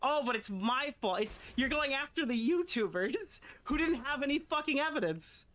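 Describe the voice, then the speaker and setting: A woman's voice: high voice, lively intonation, moderate pace, a bit bright, a little hiss or hum. A woman streamer ranting in casual commentary, exasperated and swearing often.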